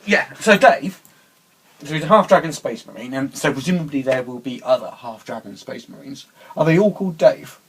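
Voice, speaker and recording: A man's voice: medium pitch, lively intonation, normal speed, husky, rough recording. A young man co-hosting a casual chat, talking hesitantly with many restarts and frequent laughs. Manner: hesitant, chatty, laughs often. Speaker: co-host.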